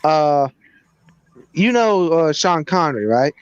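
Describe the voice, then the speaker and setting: A man's voice: fairly high pitch, sing-song, slow pace, clear, resonant tone, no room sound, dull audio. A man hosting a casual live-stream chat, hesitant and full of fillers. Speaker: host.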